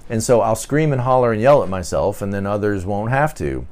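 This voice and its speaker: A man's voice: on the low side, lively intonation, a little fast, darkish tone. A man hosting a podcast, talking through a personality topic in an earnest, casual teaching monologue, often repeating words and briefly acting out the voices he quotes. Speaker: podcast host.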